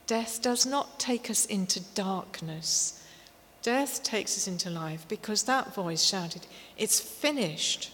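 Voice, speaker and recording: A woman preaching a sermon, slow and emphatic, with warm storytelling asides. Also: medium pitch. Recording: long hall reverb, faint noise.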